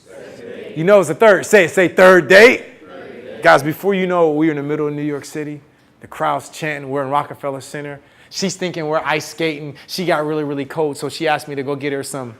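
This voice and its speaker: Animated man telling a story to students. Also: fairly high pitch. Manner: animated, acts out the voices of people in his story; calls out to the audience and gets them to answer back. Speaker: motivational speaker. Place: campus event hall.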